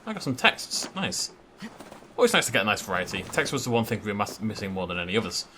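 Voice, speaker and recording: A man's voice: lowish voice, big pitch swings, fast, bright, forceful tone, slight background noise. A man chatting and joking as he plays through a video game, thinking aloud as he goes. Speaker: gaming YouTuber. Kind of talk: let's play commentary.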